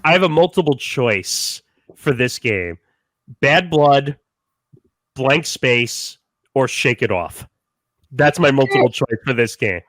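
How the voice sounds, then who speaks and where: Man, jokey panelist, lively sing-song pitch, dry sound. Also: slow pace, long pauses, no room sound. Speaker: podcast panelist. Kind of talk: casual sports chat.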